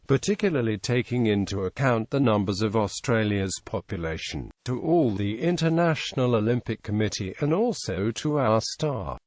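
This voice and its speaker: An older man with a Spanish accent delivering a deliberate, formal ceremony speech as president of an international sports committee, reading a prepared address at a podium microphone. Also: medium pitch, a little mellow, dry recording. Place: large outdoor stadium.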